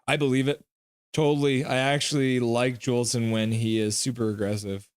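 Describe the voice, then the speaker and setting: A man's voice: mid-range voice, flat delivery, clear, resonant tone, no echo. Man calling hockey plays in clipped bursts. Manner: quick clipped play calls mixed with offhand chat remarks. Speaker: streamer reacting live to a hockey game. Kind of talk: casual live play-by-play commentary.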